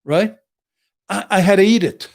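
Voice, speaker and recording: A man's voice: sits high, normal speed, gravelly. An older man, a criminal defense attorney, telling blunt, profane tough-guy stories in casual chat with acted quotes. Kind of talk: casual storytelling.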